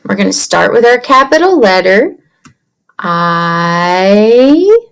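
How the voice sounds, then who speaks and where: Slow, patient teacher sounding out letters. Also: female voice, medium pitch, animated. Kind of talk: remote lesson for young children. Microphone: computer mic.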